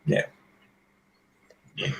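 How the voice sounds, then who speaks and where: A man in his fifties, a former boxer and podcast guest, telling animated stories in a casual interview and often clearing his throat. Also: extremely slow, poor audio. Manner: animated storyteller who acts out quoted voices.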